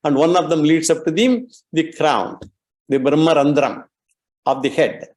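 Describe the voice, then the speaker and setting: Male scripture teacher, fairly high voice, slow and measured explanations. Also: darkish tone. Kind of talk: religious lecture.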